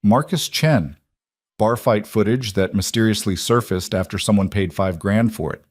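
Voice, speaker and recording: A man's voice: on the low side, normal speed, no echo, clean studio sound, lightly acted. A man reading a weary, blunt female detective. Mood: pressing.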